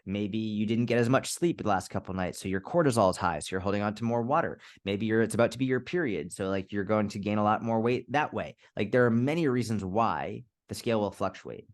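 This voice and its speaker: A man being interviewed as a fitness coach, speaking casually and candidly, swearing now and then and acting out little scenarios. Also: fairly low pitch. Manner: candid, swears, quick restarts, acts out scenarios. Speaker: fitness coach, podcast guest.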